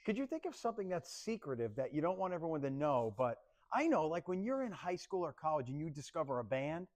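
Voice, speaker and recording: A man's voice: a little high, quick pace. A man presenting a casual TV weather forecast, joking and laughing with a co-host. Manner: playful, animated, laughs often. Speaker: TV meteorologist.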